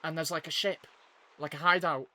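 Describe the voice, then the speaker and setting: A man's voice: a little high, steady tone, moderate pace, pushed and bright, a little hiss or hum. A man giving casual let's-play commentary, chatty and hesitant, with lots of "um" and "like" fillers. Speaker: gameplay commentator. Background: game music.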